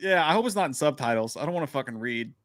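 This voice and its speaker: A man's voice: fairly high pitch, lively intonation, fast, fairly bright tone, no room sound, studio quality. A man co-hosting a movie news livestream, reading news items aloud and reacting with laid-back, profane remarks. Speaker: podcast co-host reading the news. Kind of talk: casual livestream chat.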